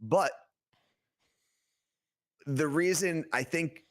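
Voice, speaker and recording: Here the middle-aged New Jersey co-host, accent intact, talks extremely slowly in a voice on the high side. He still tells his stories with animation during the casual podcast chat, acting out the quotes.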